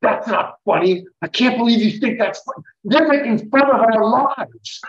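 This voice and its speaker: A man's voice: high-pitched, sing-song, moderate pace, echoey room, recorded from a distance, highs cut off, pitched above the performer's own voice. A man imitating an offended male rock star boss who scolds his band for laughing.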